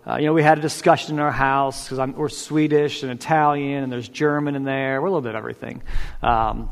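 A man in his thirties preaching a sermon in a casual, conversational way, asking the congregation questions and repeating "right?". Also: medium pitch. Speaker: pastor. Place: church hall. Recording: long hall reverb.

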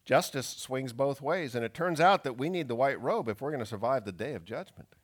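A male pastor delivering a sermon. His voice rises and falls in a lively way as he reads scripture and dramatizes its cries for justice. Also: medium pitch, fairly quick. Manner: expressive preaching, acting out pleading questions.

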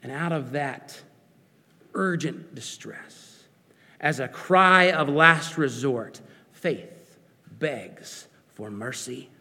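Slow earnest preacher in a reverberant hall. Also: male voice, on the high side, bright, forceful tone. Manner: earnest, searching questions to the listener. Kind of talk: sermon.

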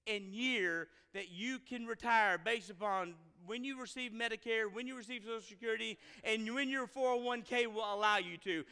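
Animated man telling funny stories. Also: high-pitched, clean tone. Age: 40s. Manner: animated, self-deprecating, acts out quotes. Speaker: speaker addressing a live audience. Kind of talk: humorous personal storytelling. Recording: long hall reverb.

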